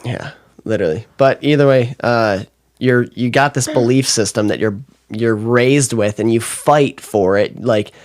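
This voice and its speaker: A man's voice: medium pitch, unhurried. A man hosting a podcast, chatting casually and often agreeing briefly. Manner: short agreeing replies, relaxed. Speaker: podcast host. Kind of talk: casual chat.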